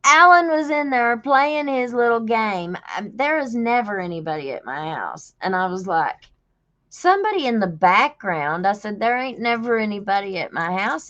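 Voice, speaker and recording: A woman's voice: fairly high pitch, a bit bright, dull audio. A woman, telling a story to her viewers in casual chat, folksy and drawling, laughing often. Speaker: livestream host.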